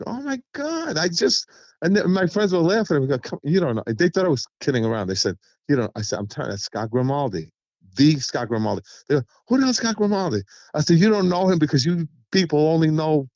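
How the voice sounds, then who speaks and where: A man's voice: quick pace, no echo, lo-fi sound. A man guest on an interview show, chatting casually and telling stories with vivid voiced quotes. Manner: animated storyteller, acts out quotes with big pitch jumps. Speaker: guest vocalist.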